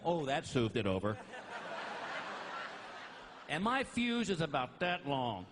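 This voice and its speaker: Middle-aged male stand-up, high and lively delivery, live stage recording with noise. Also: takes it slowly, long pauses. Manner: animated, acts out voices. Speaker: stand-up comedian. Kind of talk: stand-up comedy routine. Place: live venue with audience.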